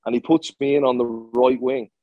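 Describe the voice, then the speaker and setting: A man's voice: mid-range voice, fairly even intonation, moderate pace, no echo, lo-fi sound. A man who played professional football, telling a story in an interview, blunt and swearing freely, with lots of restarts.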